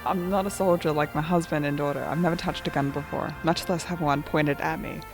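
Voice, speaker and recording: A woman reading the lines of a frightened mother in a video game, speaking softly and shakily but with resolve. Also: low voice, fairly even intonation, a little fast, over music. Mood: protective. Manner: soft, shaky, resolute. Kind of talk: reading game dialogue aloud.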